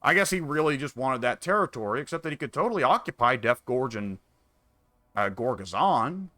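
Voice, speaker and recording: A man's voice: mid-range voice, expressive, a little fast, sharp tone, dry recording, clean studio sound. A man casually commenting on his own strategy game, musing and wry, talking half to himself. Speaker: gameplay commentator.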